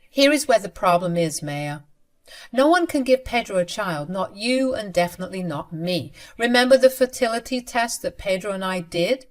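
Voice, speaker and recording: A woman's voice: medium pitch, animated, normal speed. A woman narrating a first-person drama story, confident and mocking in tone.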